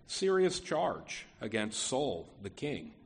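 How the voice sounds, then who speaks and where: A man's voice: mid-range voice, big pitch swings, slow pace, breathy edge. A middle-aged man preaching a sermon, talking through scripture off the cuff with frequent restarts. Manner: unscripted delivery with fillers and restarts, quoting scripture.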